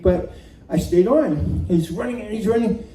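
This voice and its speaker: A man telling a comic true story at a live storytelling night, animated and self-mocking, often laughing as he talks. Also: high-pitched, moderate pace. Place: community center room. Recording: echoey room from far off, faint noise.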